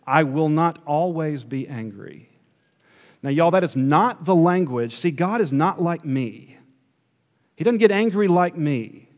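A pastor delivers a sermon in a fairly high voice, sinking into hushed asides before rising into emphatic runs. A large hall lends the sound a long reverb.

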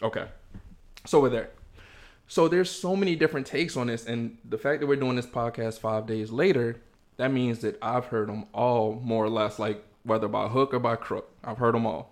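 Slangy, laid-back male podcast host. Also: mid-range voice. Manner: laid-back, slangy and profane, lays out points step by step. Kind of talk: casual podcast chat.

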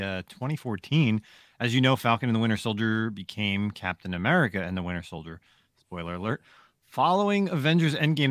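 A man's voice: fairly low pitch, a bit bright, no echo. A man co-hosting a podcast, giving emphatic opinions and reading list entries aloud. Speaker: podcast co-host.

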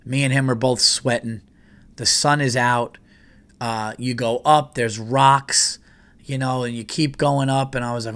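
A man's voice: medium pitch, fairly bright tone. A man hosting a podcast, telling a story in a casual, rambling and profane way. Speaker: podcast host.

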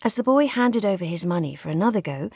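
A woman reading an audiobook in a measured, even storytelling manner. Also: lowish voice, breathy edge, no room sound, studio quality. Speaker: audiobook narrator. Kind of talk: scripted audiobook narration.

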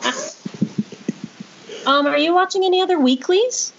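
A woman hosting a casual podcast, talking in an animated way with quick asides. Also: very high voice, gravelly, slight background noise. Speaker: podcast host. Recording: dull lo-fi sound.

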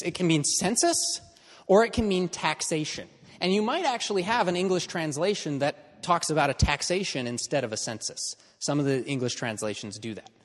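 A man's voice: on the high side, in a large hall. A man teaching an in-person class in a conversational lecture style, checking in with his students as he explains.

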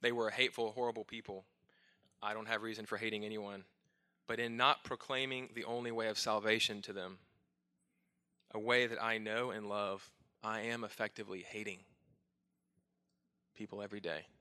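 A man's voice: fairly low pitch, fairly even intonation, normal speed, pauses often, sharp tone. A middle-aged male pastor preaching a sermon, earnest and self-searching with touches of light humor.

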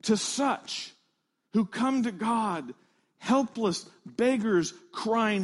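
Slow, high-voiced male preacher. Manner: earnest, emphatic preaching with slow stressed phrases. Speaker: pastor. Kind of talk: sermon.

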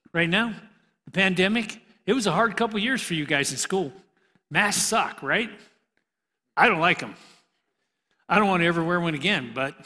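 A man's voice: on the high side, sharp tone. A middle-aged man who teaches the Bible to a youth group in an easygoing way, joking and laughing at his own asides. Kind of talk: casual preaching to a youth group. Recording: long hall reverb.

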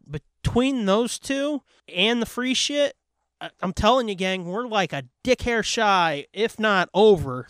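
High-voiced profane podcast host. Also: male voice, fairly bright tone, clean tone, dry recording, clean studio sound. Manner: profane, rambling, laid-back. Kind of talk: casual podcast outro with plugs.

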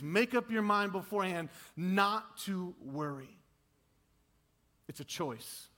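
A man in his thirties preaching a sermon, swinging between loud, high bursts and low, quiet asides. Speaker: pastor.

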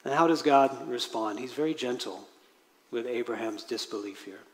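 A man's voice: mid-range voice, normal speed. A man preaching a sermon as pastor, earnest, acting out quoted prayers with rising intensity. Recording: long hall reverb.

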